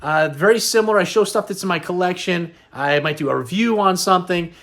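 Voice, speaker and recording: A man's voice: sits high, brisk, a bit bright. A middle-aged man hosting a casual vlog, upbeat and rambling, sounding tired and a little worn. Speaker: host.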